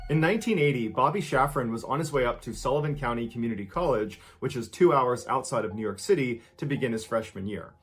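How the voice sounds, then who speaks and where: A man's voice: mid-range voice, expressive, quick pace, hardly any pauses, breathy edge, soft background music. A man narrating true stories in a vivid, dramatic storytelling style.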